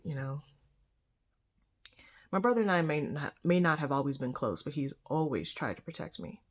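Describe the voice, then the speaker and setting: Young woman, low husky voice, candid conversational vlog storyteller. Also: expressive, moderate pace. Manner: candid, conversational, frequent soft whispered asides. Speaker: vlogger. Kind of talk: personal storytime.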